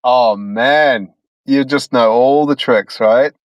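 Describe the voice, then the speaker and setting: A man's voice: mid-range voice, slow pace, no room sound, highs cut off. Laughing man on a dry voice call. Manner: laughs often, loose and rambling. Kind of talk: casual group call chat.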